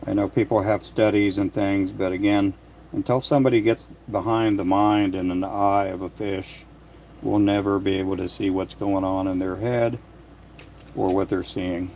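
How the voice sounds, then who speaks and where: Low-voiced older man chatting while working. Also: steady tone, normal speed, slight background noise. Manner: soft-spoken, rambling, with frequent restarts. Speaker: lure maker livestreaming. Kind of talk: casual livestream chat while working. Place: his workshop.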